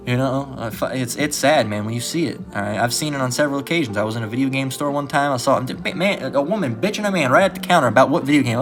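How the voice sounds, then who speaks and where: A man's voice: mid-range voice, quick pace, hardly any pauses, faint music behind. A man giving a casual religious lesson in a blunt, profane way, often tagging his points with "all right". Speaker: religious teacher.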